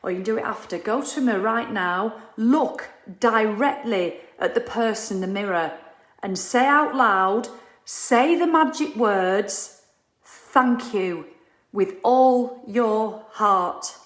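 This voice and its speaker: A woman's voice: fairly high pitch, animated, unhurried, fairly bright tone. A middle-aged woman hosting a live self-help session, blunt and emphatic, swearing casually as she coaches. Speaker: gratitude program host. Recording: echoey room.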